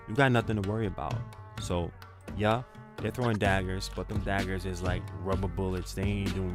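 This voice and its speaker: Low-voiced man giving a casual tarot reading. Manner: casual, repetitive, slangy encouragement. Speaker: tarot reader.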